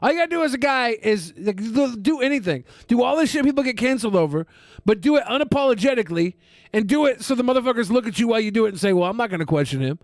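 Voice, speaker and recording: A sarcastic male co-host with a high, bouncy voice trades wisecracks. The recording is dry and close-miked. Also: lively intonation, racing, no echo. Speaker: podcast co-host. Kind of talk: casual podcast chat.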